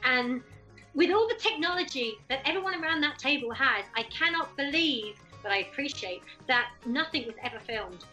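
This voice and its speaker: A woman's voice: high-pitched, expressive, moderate pace, pushed and bright, lo-fi sound, faint music behind. A woman event organiser chatting casually in an interview and telling stories from her events. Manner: chatty, anecdotal storyteller.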